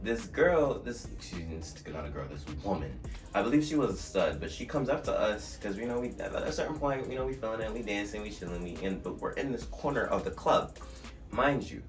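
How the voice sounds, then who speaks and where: A young man from New Jersey telling a story on his vlog in an animated, slangy way with swearing. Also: fairly low pitch, brisk. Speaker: vlogger. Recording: distant mic with faint music.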